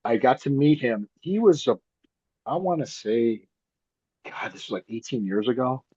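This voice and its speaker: A man's voice: medium pitch, animated, moderate pace, warm tone, slightly rough, dry recording, dull audio. A man, a wrestler guest chatting casually, rambling and repeating himself with frequent laughs. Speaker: guest, pro wrestler and podcaster. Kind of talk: casual interview chat.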